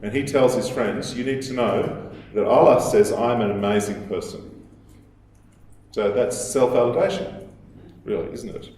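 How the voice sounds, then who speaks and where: A man giving a lecture in a measured, explanatory way, with fillers and restarts as he thinks aloud. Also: medium pitch, a little mellow. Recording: echoey hall, voice from a distance.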